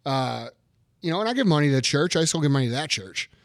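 A man's voice: a little high, big pitch swings, quick pace, dry recording, studio quality. A man in his thirties ranting in casual chat, swearing heavily and talking with heat. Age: 30s. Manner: profane, heated ranting.

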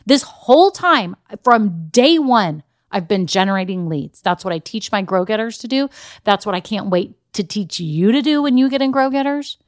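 A woman hosting a podcast as a business coach, giving an energetic, emphatic pep talk directly to her listeners. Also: medium pitch, normal speed, no room sound, studio quality. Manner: addresses listeners directly with "y'all" and "okay?". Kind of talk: motivational solo podcast talk.

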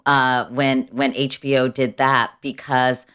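Female interview host, very low voice, eager, halting delivery. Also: little pitch movement, fairly bright tone, clear, resonant tone. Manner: enthusiastic, stumbling over her words. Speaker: talk show host. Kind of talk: casual interview chat.

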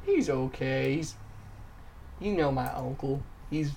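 A man playing a meek, slow-witted young man who rambles haltingly in an improvised role-play. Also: mid-range voice, creaky, background noise.

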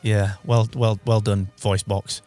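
A man in his thirties co-hosting a podcast, excitable and laughing easily, his voice sometimes cracking upward, on a studio mic. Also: on the low side, slow, faint music behind. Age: 30s. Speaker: podcast co-host. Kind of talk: casual podcast chat.

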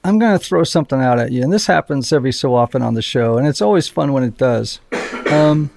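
A man's voice: medium pitch, animated, fast, creaky, noisy background. A man hosting a podcast interview, speaking hesitantly and restarting phrases as he works out his thoughts. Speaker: podcast host. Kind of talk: conversational interview.

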